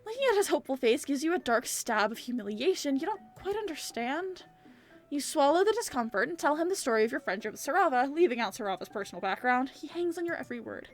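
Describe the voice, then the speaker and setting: A woman hosting a gaming channel, reading a visual novel aloud in an animated, playful way with casual swearing and joking asides. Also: high-pitched, fast talker.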